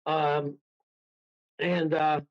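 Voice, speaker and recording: A man's voice: a little high, level tone, drawn-out words, dry recording, lo-fi sound. A man, a guest medium on a radio show, telling a rambling story full of laughs and acted-out quotes.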